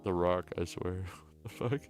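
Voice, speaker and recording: A man's voice: low-pitched, takes it slowly, a little mellow, faint music behind. A man streaming from home, chatting casually in a rambling, crude, joking way. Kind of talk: casual livestream chat.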